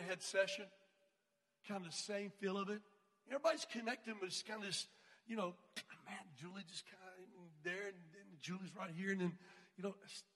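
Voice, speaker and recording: A man's voice: sits high, a bit bright, slightly rough. A man telling a personal story in casual talk, acting out the voices in it with many fillers. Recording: long hall reverb.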